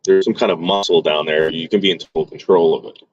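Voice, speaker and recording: A man's voice: deep voice, steady tone, quick pace, dry recording, muffled recording, soft background music. A man vlogging to his viewers in a crude, rambling casual monologue full of fillers and restarts.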